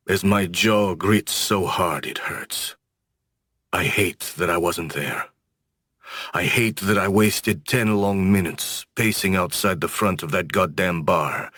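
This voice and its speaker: A man narrating a first-person audiobook in a brooding, measured manner. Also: low-pitched, a bit bright, no echo, studio quality.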